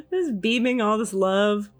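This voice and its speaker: Slow, soft-spoken woman podcast host. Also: fairly high pitch. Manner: soft, reflective, many sighs and hums. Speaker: podcast host, channeling a spirit. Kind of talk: casual podcast talk.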